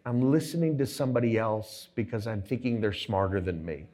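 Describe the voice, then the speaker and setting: A middle-aged man, a guest entrepreneur on stage, telling animated anecdotes full of quoted dialogue. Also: lowish voice, brisk. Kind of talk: storytelling on stage.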